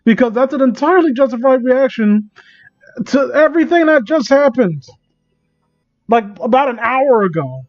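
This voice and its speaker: A man with a high voice reads fan fiction aloud for laughs. He keeps breaking off into sarcastic, incredulous, rambling commentary. The recording is dull and lo-fi. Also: expressive, normal speed. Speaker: host reading fan fiction. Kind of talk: comedic dramatic reading with commentary.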